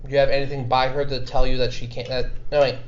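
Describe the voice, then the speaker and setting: A man voicing a stern male guard who speaks in a formal, measured way. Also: mid-range voice, flat delivery, voice pushed down, natural voice. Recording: echoey muffled room recording.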